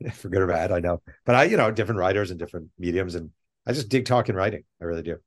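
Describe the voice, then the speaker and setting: Low-voiced man telling animated stories. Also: fast talker. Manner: animated storyteller, rambling asides. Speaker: podcast guest, author. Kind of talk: casual interview chat.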